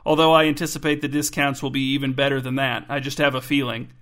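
A man's voice: mid-range voice, flat delivery, fast talker, fairly bright tone, natural voice. A man voicing an earnest father who lectures and argues his point with eager conviction. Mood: earnest, persuasive.

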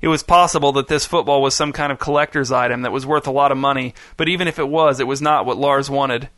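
A man reading a story aloud in steady, even scripted narration. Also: medium pitch, quick pace, no room sound, studio quality.

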